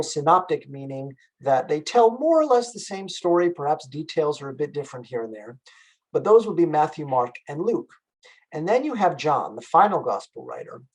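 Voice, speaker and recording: A man gives a lecture over a video call, his voice sitting a little high for a man. He explains patiently and methodically, often pausing with fillers as he gathers his thoughts. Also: slightly rough, rough recording. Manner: explanatory, measured, with frequent fillers. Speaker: music lecturer. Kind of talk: online lecture.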